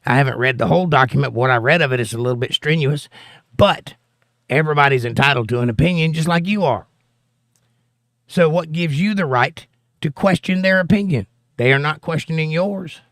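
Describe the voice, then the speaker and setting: A man's voice: on the high side, brisk, a bit bright, no room sound, clean studio sound. A man hosting a political livestream from the United States, reading chat comments aloud and answering them in an argumentative, sarcastic way.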